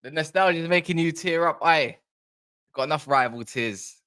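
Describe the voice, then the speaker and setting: A man hosting a casual football fan live chat, excitable and rambling, bantering with viewers' comments. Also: on the high side, normal speed, clear, resonant tone. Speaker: football fan livestream host.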